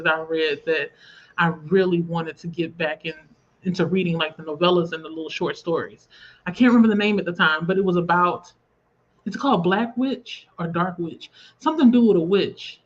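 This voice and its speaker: Casting: rambling, chatty Southern woman hosting a livestream, slightly muffled audio. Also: fairly low pitch. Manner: chatty, rambling, reads viewer comments aloud. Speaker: livestream host. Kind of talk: casual livestream chat. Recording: slightly dull lo-fi stream audio.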